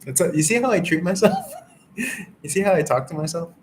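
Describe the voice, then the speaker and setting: A man's voice: sits high, wildly swooping pitch, fairly quick, a little hiss or hum, low-quality recording. A man hosting a tarot channel, muttering casually and profanely while he reviews his own recorded reading, flustered and mocking himself. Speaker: tarot reader and channel host.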